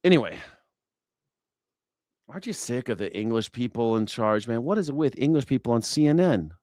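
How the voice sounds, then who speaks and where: Sarcastic male streamer, mid-pitched, dry close sound, profane news reaction. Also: lively intonation, fairly quick, a little mellow, no room sound. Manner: sarcastic, swears freely, mocks accents. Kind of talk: profane casual commentary over clips.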